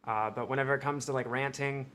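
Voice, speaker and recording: A man's voice: medium pitch, steady tone, fast, a bit bright, slight background noise. A young man from Ohio with an American accent, chatting casually and profanely on his livestream, rambling and thinking aloud. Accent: American, mixed Midwestern and New York tinge. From Ohio, USA. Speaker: livestream host. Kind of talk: casual live-stream chat.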